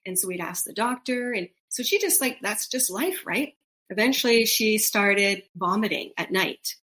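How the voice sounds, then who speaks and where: Middle-aged woman telling animated stories. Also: medium pitch, moderate pace. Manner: animated storytelling, acts out quoted voices with laughs. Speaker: podcast co-host. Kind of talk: casual conversational podcast chat.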